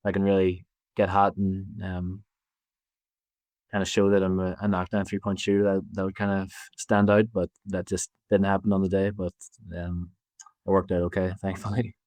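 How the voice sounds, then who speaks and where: A man in his twenties with a Belfast accent, talking casually as an interview guest, relaxed and halting with many fillers. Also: sits low, no room sound. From Northern Ireland. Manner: easygoing, halting, lots of fillers and restarts. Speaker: basketball player guest.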